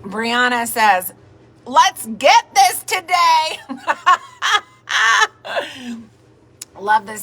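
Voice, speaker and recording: Bubbly young woman on a livestream, high bright voice, unhurried, kinda tired, reading comments out. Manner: bubbly, reads viewer comments aloud, repeats phrases. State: tired, up since the middle of the night. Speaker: host of a livestream. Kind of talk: casual livestream chat, greeting viewers. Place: home in Texas.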